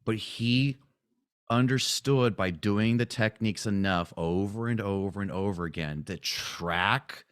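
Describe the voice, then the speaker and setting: Low-voiced man retelling a story. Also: a little slow, clear, resonant tone. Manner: animated retelling, acts out quotes, frequent "right?". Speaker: spiritual coach. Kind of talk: casual storytelling to a group.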